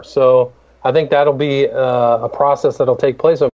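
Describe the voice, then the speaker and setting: A man speaks as a guest on a talk podcast in a measured, agreeable tone. His voice sounds a little dull and lo-fi, as if over a remote connection. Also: medium pitch, fairly even intonation, a little mellow. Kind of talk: casual chat.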